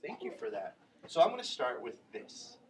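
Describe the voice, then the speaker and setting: Low-voiced woman teaching young children. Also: very animated, normal speed. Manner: encouraging, prompting children with questions. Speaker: second grade teacher. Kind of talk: classroom vocabulary lesson. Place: classroom with children. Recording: noisy classroom full of children. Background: children chattering.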